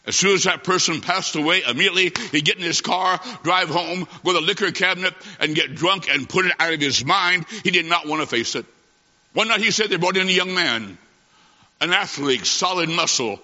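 A man preaching a sermon, telling a story dramatically with slow delivery and long pauses. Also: fairly high pitch, sharp tone. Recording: hall reverb, dull lo-fi sound.

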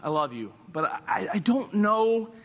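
A man preacher acting out a discouraged fisherman disciple who speaks in a quiet, faltering way. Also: high-pitched, a little fast, long reverb tail. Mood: hesitant.

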